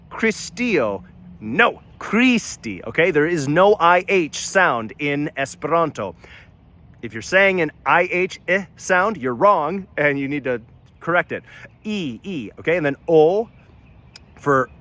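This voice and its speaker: A man's voice: a little high, fairly bright tone. A man giving a short scripted language lesson, upbeat and emphatic, correcting common mistakes firmly. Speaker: language teacher.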